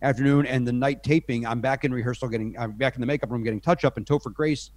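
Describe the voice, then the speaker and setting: A man's voice: mid-range voice, fairly even intonation, fast talker, a little mellow. A middle-aged man, a podcast guest, telling self-deprecating anecdotes in a rambling, casual way with lots of restarts.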